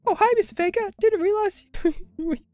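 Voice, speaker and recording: A man voicing a bubbly, cheeky teenage girl in a video game, with an Australian accent and a high, squeaky voice. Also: moderate pace, darkish tone, faint music behind.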